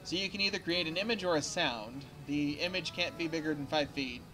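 A man running an online tabletop game as game master, reading rules aloud haltingly and laughing often. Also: fairly high pitch, music in the background.

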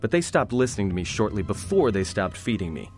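An actor playing a sarcastic, roguish young prisoner in a video game, with a low, gruff voice and dry, cocky delivery. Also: male voice, very animated, fast, a little mellow. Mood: sardonic. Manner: wry, cocky, dry jokes. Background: game music.

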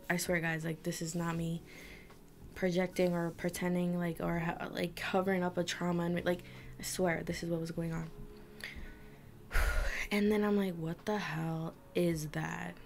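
A woman's voice: lowish voice, gravelly, a little mellow. A young woman vlogger telling a frightening personal story to her camera, tense and emotional, often dropping to a whisper. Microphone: camera mic.

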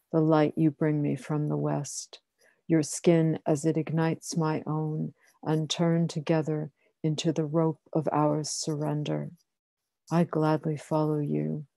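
A woman poet giving a slow, deliberate poetry reading on a livestream. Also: sits low, creaky, warm tone, dry recording. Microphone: livestream home mic.

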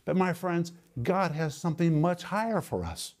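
A man's voice: a little high, animated, darkish tone. Emphatic man teaching a sermon. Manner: emphatic, slows down to stress key words; explains Greek word meanings step by step. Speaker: Bible teacher and TV minister.

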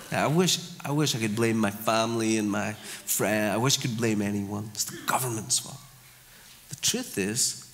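A man delivers a conversational sermon in a church with a long echo of the hall around him. His voice sits at an ordinary middle pitch. He acts out small everyday scenes and leads the congregation in repeating short phrases. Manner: conversational, with acted-out asides and crowd call-and-response. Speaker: pastor.

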